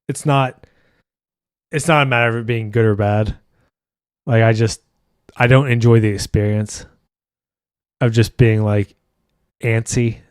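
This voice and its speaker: A man hosting a casual podcast while gaming, blunt and quick to swear, reading out viewer chat. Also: mid-range voice, clear, resonant tone, no room sound, clean studio sound. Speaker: podcast host and streamer.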